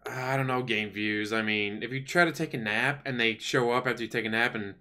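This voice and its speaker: A man at an ordinary middle pitch rambles to his livestream viewers in a loose, sarcastic way. He grumbles and jokes as he talks, casual rather than scripted. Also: fairly even intonation, a little fast, sharp tone. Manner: complaining, chatty, sarcastic. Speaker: livestream host.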